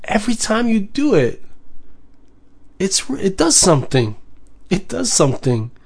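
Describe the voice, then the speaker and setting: This man preaches a Torah lesson in a high, light, slightly mellow voice with a breathy edge and vocal fry, taking his time as his pitch swings hugely. Earnest throughout, he repeats points for emphasis and mixes Hebrew terms into his English.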